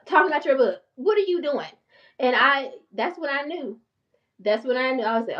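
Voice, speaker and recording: A woman in her forties with a thick country North Carolina accent chats with her viewers at a quick, excitable pace, her tone passionate and raised in pitch. She sits a little back from the microphone. The recording sounds muffled and slightly distant. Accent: Southern US, North Carolina country. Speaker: channel host and therapist. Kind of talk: casual vlog talk to viewers.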